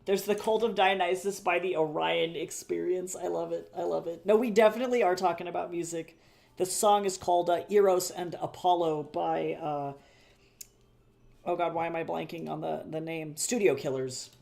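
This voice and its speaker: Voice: medium pitch, steady tone, normal speed, gravelly, a little mellow. Chatty rambling artist on a live stream. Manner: chatty and rambling, with frequent self-corrections and repeated phrases; swears casually and laughs at own jokes. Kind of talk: casual live-stream chat while drawing.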